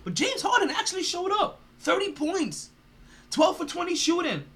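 High-voiced man ranting on a sports podcast. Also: sing-song, moderate pace, fairly bright tone. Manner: profane, mocking, laughing rants. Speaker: podcast host.

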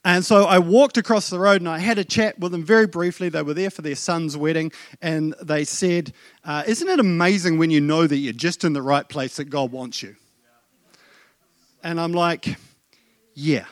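A middle-aged man from New Zealand with a New Zealand accent, telling a story in a sermon with lively asides to the congregation. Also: fairly high pitch, normal speed, no echo, studio quality. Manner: animated, self-deprecating storytelling with asides to the congregation. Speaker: pastor. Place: church.

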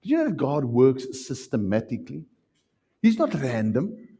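Animated husky-voiced male preacher. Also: mid-range voice, moderate pace. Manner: animated, acts out voices, laughs often. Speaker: pastor. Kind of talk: sermon.

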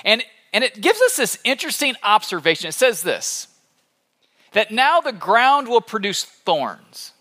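A male pastor preaching a sermon in an animated, conversational storytelling manner. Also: sits high, a little slow.

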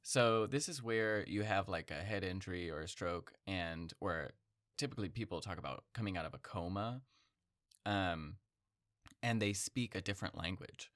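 A man's voice: low voice, normal speed, fairly bright tone, no echo, studio quality. A man co-hosting a podcast, casually explaining topics to his partner and laughing easily. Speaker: podcast co-host. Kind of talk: casual chat.

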